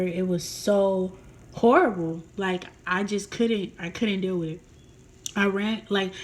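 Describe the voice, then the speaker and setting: A young woman vlogger telling a personal story in a rambling, emotional way with many fillers. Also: medium pitch.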